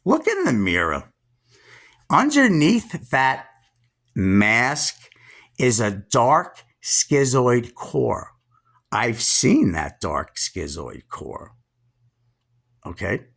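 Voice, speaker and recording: A man in his sixties ranting scornfully, straight into the camera, at a relative, pausing to stress his words. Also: mid-range voice, huge pitch swings, vocal fry, fairly bright tone. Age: 60s. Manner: scornful, drawn-out emphatic pauses. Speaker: vlogger. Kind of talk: angry direct-address rant.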